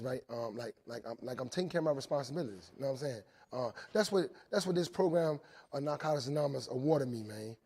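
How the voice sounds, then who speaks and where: A man's voice: medium pitch, slightly rough. A man in his forties from telling his recovery story to inmates, checking in often with "right?". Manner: animated storytelling, repeats "right?". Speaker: recovery speaker. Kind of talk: testimony talk to inmates.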